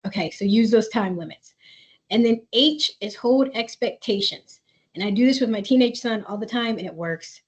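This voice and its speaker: A woman's voice: fairly high pitch, normal speed. A woman therapist leading a webinar for parents, talking in an earnest, conversational way and reading chat comments aloud. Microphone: video call.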